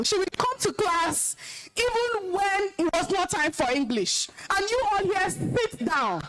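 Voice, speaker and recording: Nigerian woman speaker, high-pitched and emphatic, stern alumna lecturing students on discipline. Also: rough recording. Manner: scolding, commanding, emphatic. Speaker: alumna guest speaker, compere. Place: school hall, live event.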